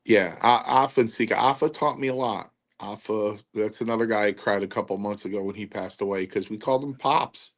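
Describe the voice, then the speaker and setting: A man's voice: lowish voice, brisk, hardly any pauses. A man, a guest on a podcast, telling a story casually and acting out the quotes as he goes. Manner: animated, acts out quotes in the story. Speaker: guest, former wrestler.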